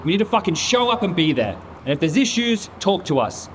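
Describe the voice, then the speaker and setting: A man's voice: sits high, sing-song, fairly quick, slight background noise. Angry man scolding a colleague. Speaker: caster.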